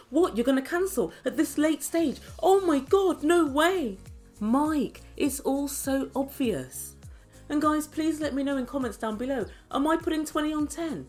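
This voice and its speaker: A woman giving an opinionated, sarcastic recap of a reality show, talking straight to her viewers. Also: high-pitched. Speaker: reality TV reviewer. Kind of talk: chatty commentary recap.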